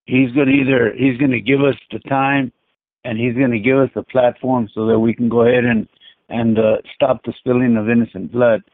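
A man's voice: medium pitch, flat delivery, brisk, no room sound. A man with a Mexican accent calling in to a show, talking in a fiery, eager way. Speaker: caller. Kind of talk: casual call-in chat. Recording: tinny phone line.

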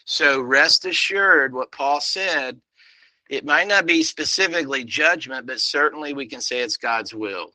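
Bright dry voice guy explaining a scripture point, earnest. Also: mid-range voice, a little slow, no echo, rough recording. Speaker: group member.

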